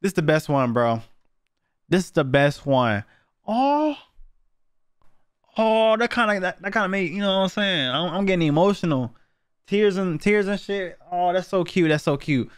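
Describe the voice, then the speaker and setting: A man's voice: high-pitched, normal speed, clean tone, no echo, clean studio sound. A young man giving blunt, profane, slang-heavy reactions as he reviews viewer submissions in a casual video.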